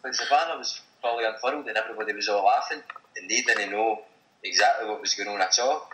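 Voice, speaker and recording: A man's voice: on the low side, fast talker, reverberant, background noise. A Scottish man telling a story as a guest in casual chat, swearing freely and laughing as he talks. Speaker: guest, supporters' group member.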